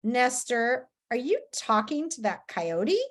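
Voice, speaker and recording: A woman's voice: a little high, big pitch swings, slow, exaggerated voice. A woman voicing a friendly schoolboy who teases in an easygoing way. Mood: curious. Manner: teasing, easygoing. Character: friendly joking schoolboy sidekick.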